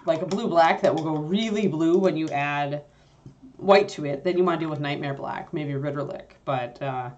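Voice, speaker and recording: A woman's voice: deep voice, moderate pace, darkish tone, muffled recording. A woman casually teaching miniature painting, thinking aloud with fillers as she mixes paints at her workspace. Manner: chatty, thinks aloud with fillers while working.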